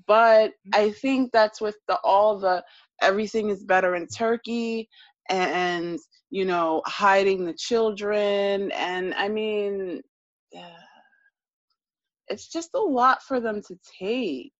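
A podcast co-host recaps a reality TV episode in a casual, emphatic way, often trailing off and starting over. Her voice is medium-pitched and slow, with no echo but the high frequencies cut off.

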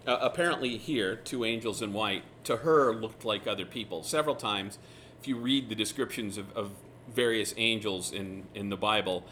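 A man teaching through a Bible passage in a relaxed, conversational way, retelling the scenes with lively asides. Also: lowish voice, moderate pace, slight background noise. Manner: casual, animated retelling of scripture scenes.

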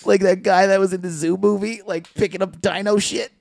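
A man's voice: high-pitched, steady tone, a little fast, vocal fry, darkish tone, no room sound. Profane rambling guy with a dry close mic. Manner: rambling, profane, laughs at own jokes. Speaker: podcast co-host. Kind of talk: casual chat, storytelling.

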